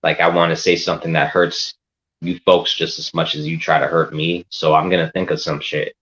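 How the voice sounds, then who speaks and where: A man's voice: extremely low pitch, level tone, a little fast, fairly bright tone, dull audio. A man ranting defiantly on a livestream, profane and rambling. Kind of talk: livestream rant.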